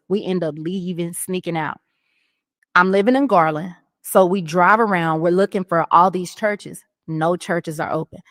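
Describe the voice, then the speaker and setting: A woman's voice: on the low side, moderate pace, no echo, clean studio sound, in a large hall. A woman in her thirties, a podcast guest, telling her personal story in casual speech and acting out the voices of the people in it. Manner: animated storytelling, acts out quoted voices. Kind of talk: casual testimony.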